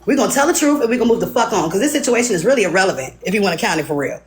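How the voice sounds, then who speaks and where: A woman recounting events in casual livestream chat, profane and animated, acting out what others said. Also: medium pitch, racing, slightly rough. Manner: animated, profane storytelling full of quoted dialogue.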